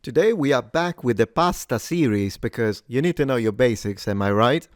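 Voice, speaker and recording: A man hosting a pronunciation lesson, repeating words slowly and carefully and then explaining them. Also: mid-range voice, lively intonation, no echo, studio quality. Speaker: pronunciation teacher, host.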